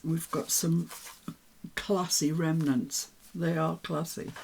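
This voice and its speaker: A woman chatting casually to herself as she works on a papercraft project, with soft asides. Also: mid-range voice, vocal fry, very noisy. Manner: chatty, self-talking while working, soft asides. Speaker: papercraft vlogger. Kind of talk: casual crafting commentary.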